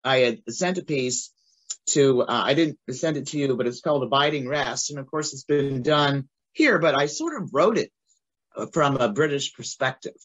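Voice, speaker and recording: A woman talks as a guest writer in a relaxed interview, her pitch swooping up and down as she tells stories. She laughs easily along the way. The sound is muffled and lo-fi. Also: moderate pace, slightly rough. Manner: animated storytelling with frequent laughs. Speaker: playwright guest. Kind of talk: casual interview chat.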